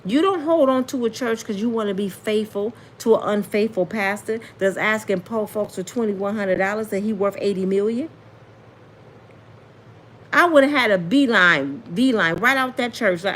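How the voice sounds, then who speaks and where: A woman's voice: medium pitch, moderate pace, fairly bright tone, slight background noise. A woman giving a casual, indignant commentary monologue, full of rhetorical questions and plain colloquial talk. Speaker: commentary vlogger.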